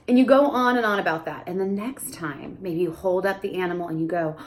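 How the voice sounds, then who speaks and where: A woman's voice: on the low side, fairly quick, slight background noise. Chatty woman teaching with sing-song demos. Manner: demonstrates sing-song questions to a toddler. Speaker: speech therapist. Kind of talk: casual teaching to camera.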